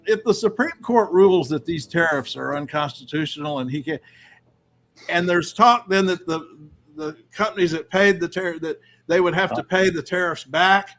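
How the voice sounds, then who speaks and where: Chatty high-voiced man hosting. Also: normal speed, fairly bright tone, soft background music. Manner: chatty, laughs often. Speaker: host. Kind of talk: casual interview chat.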